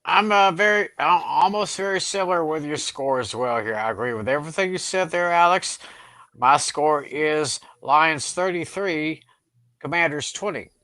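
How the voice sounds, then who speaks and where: Bright-voiced man, dry close sound. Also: a little high, moderate pace, no echo. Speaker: panelist. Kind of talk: casual sports chat.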